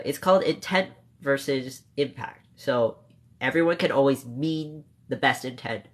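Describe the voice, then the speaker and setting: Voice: mid-range voice, a bit bright. A streamer chats through a long story with live viewers, rambling and emotional. They break off to mock-scold the chat and then apologise. They swear freely and correct themselves as they go. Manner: swears freely, quick asides and self-corrections. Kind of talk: casual livestream storytelling.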